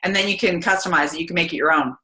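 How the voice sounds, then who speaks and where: A chatty, energetic woman, giving a casual motivational talk to her team. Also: lowish voice, rapid-fire. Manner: chatty and energetic, many fillers. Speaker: team call speaker. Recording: roomy echo.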